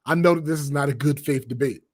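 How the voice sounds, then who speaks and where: Guy cohosting a podcast, kinda high voice, blunt, swears a lot, laughs a bunch. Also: fast. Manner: blunt, profane, laughs often. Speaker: podcast co-host. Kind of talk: casual chat.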